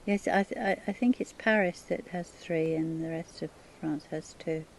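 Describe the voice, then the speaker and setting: A woman's voice: sits low, normal speed, slight background noise, poor audio. A woman with an English accent chatting casually about accents and greetings, laughing often and restarting her sentences. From England. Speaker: English conversation partner. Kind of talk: casual chat.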